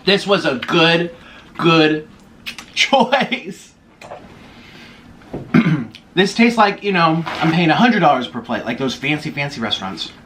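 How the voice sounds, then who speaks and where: A man's voice: fairly high pitch, animated, slow pace, long pauses, fairly bright tone, slight background noise. Gushing man talking between bites. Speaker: YouTuber. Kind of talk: mukbang eating vlog chatter. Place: indoors by a window in a city apartment.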